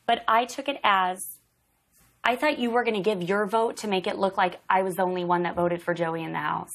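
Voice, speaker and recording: A young woman speaks bluntly in a heated argument with lots of vocal fry. She sounds defensive and stands her ground. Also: medium pitch, fairly even intonation, a little fast, a bit bright. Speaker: reality show contestant. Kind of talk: heated conversation.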